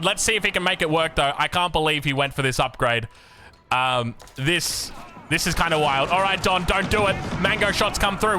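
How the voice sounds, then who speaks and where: High, bright Australian man casting a game. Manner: excitable, breaks into shouts and jokes. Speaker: game caster. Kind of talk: live strategy game commentary.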